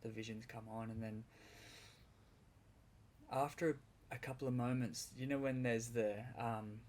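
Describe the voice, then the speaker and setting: A man's voice: mid-range voice, steady tone, a little slow, a little mellow. A man, a podcast guest, telling a vivid story in casual conversation, rambling a little with restarts.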